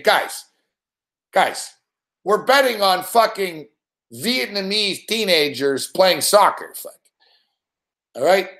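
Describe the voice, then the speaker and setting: Ranting over a lost bet, a sports betting show host with a high voice swears without pause and animatedly acts out each moment. His profane live-stream chat echoes around a bare room.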